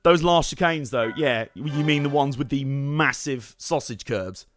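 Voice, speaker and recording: A man giving joking, excitable live commentary while playing a racing game and chatting to his viewers. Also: mid-range voice, a little slow. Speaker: streamer. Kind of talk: live let's-play commentary. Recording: game car noise underneath.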